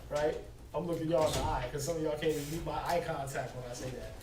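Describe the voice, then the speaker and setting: A man leads a loose Bible class, cracking jokes and laughing as he preaches. His voice sits high for a man, and it sounds roomy, picked up from across the room with a noisy hiss behind it. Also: steady tone, fast. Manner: joking, laughing often, preachy asides. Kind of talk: casual Bible teaching. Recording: roomy distant recording with noise.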